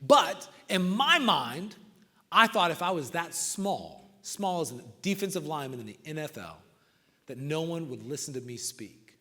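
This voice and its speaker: A man giving a motivational talk to coaches, telling stories and swinging from loud outbursts to hushed lines. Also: fairly high pitch, very animated, moderate pace. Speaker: motivational speaker. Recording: reverberant hall.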